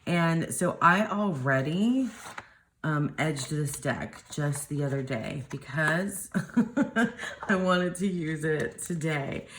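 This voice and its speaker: A woman's voice: deep voice, lively intonation, slow pace, a little hiss or hum. A woman vlogger chatting casually as she unboxes tarot decks, rambling and cutting herself off mid-sentence. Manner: rambling, self-interrupting, gushing.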